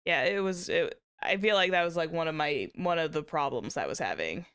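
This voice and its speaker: A woman's voice: deep voice, animated, a little fast, a bit bright, clear, resonant tone. A woman streamer chatting casually with viewers, rambling with many restarts and small laughs. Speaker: VTuber streamer.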